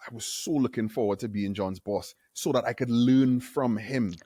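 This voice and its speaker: Brief: male interview guest, animated storyteller who acts out quotes, middle pitch. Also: moderate pace, slightly rough, no echo, studio quality. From Trinidad and Tobago. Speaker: guest, university AV manager.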